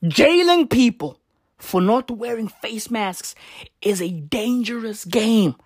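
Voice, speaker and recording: A woman's voice: on the high side, lively intonation, slow, a little mellow, breathy edge, dry recording, studio quality. A young woman, ranting in slangy, profane commentary and repeating tag questions. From South Africa. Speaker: vlogger.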